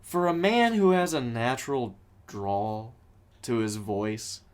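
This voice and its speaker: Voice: medium pitch, big pitch swings, slow. Rambling podcast co-host, full of likes. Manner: rambling, many likes and ums. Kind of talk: casual movie chat.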